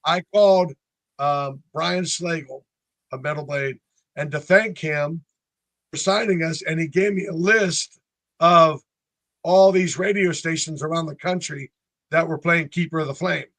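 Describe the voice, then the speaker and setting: High-voiced chatty man in his sixties. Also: measured pace, a bit bright, no room sound. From North Carolina, USA. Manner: chatty storyteller, acts out other people's lines. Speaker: band frontman, interview guest. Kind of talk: casual interview chat.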